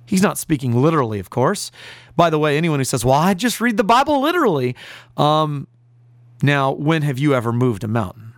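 A male pastor preaching with emphasis, his points stacked in rhetorical lists. His pitch swings widely as he drives each point home, and the recording is dry and close with little room sound. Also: lively intonation, normal speed, no echo. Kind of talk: sermon.

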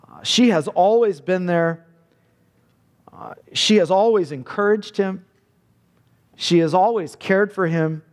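A man's voice: high voice, slow pace, pauses often, in a large hall. A man preaching a sermon, earnest, often repeating words as he builds a point.

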